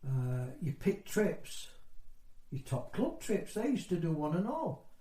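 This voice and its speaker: A man in his sixties from North East England recalls the past in an oral history interview. He talks in loose, meandering phrases, often breaking off and restarting. His voice sits a little high yet sounds soft and mellow, and it echoes around a roomy space. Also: sing-song, slow. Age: 60s. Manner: rambling, conversational storytelling with broken-off phrases. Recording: roomy echo.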